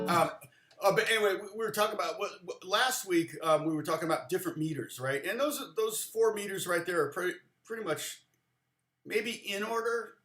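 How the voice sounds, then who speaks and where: A man's voice: high-pitched, brisk, bright, forceful tone, roomy sound. A middle-aged man giving a casual live guitar lesson, rambling and chatty, with many restarts and side stories. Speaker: guitar teacher.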